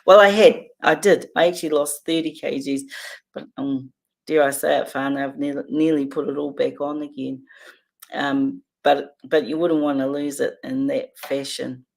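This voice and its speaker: A woman's voice: very deep voice, fairly even intonation, moderate pace, vocal fry, a little mellow. A woman hosting a casual livestream, chatting, reading viewer comments and laughing often between remarks. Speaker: livestream host.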